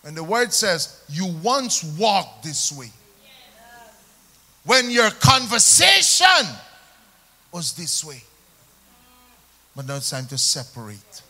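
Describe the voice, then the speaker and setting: A man with a Jamaican accent preaching a sermon as pastor, calling for responses from the congregation and swinging between loud emphasis and quiet asides. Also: a little high, slow, slightly rough. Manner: call-and-response preaching, rising and falling emphasis.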